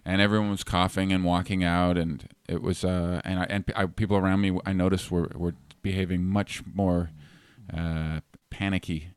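Deep, smooth-voiced man telling stories. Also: flat delivery, no echo, studio quality. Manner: rambling, halting anecdotes with restarts. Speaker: guest comedian. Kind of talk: casual storytelling chat.

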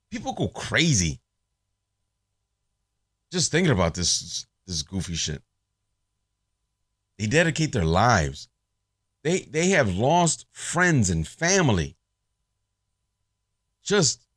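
Animated sarcastic man ranting. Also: mid-range voice, no room sound, studio quality. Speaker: podcast host. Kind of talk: casual ranting monologue.

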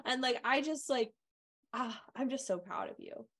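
A woman's voice: fairly high pitch, animated, normal speed, a bit bright. A woman hosting a casual interview, effusive and emotional, laughing often as she talks. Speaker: host and coach.

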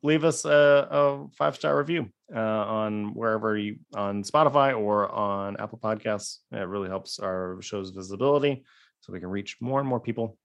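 A man's voice: fairly low pitch, moderate pace, vocal fry. A man co-hosting a podcast in casual chat, rambling and restarting with wry laughs. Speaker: podcast co-host.

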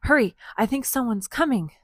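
A woman's voice: on the high side, animated, normal speed, no room sound, voice pushed up. A woman doing a brave loyal dog. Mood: earnest.

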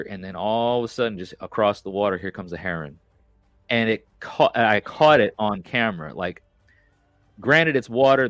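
A man's voice: lowish voice, a bit bright, no room sound. A man hosting a podcast, telling a story in casual chat, with many fillers and restarts. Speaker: podcast host. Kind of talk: casual conversation.

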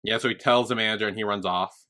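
Bright-voiced young man recapping a show. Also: lowish voice, steady tone, quick pace. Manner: rambling, swears freely, acts out characters' lines. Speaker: podcast co-host. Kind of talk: casual recap chat.

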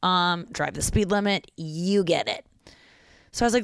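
A woman hosting a podcast, telling a story in a lively, rambling way full of "like" fillers. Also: on the low side, unhurried, gravelly, smooth, dry recording, studio quality. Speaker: podcast host. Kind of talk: casual comedic storytelling.

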